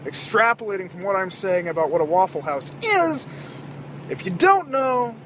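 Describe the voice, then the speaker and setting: A man with a high voice, rambling and swearing through a casual late-night monologue. He talks from inside a moving car, with faint road noise behind him. He bursts into loud, animated outbursts every so often. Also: moderate pace. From American South. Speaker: podcast host.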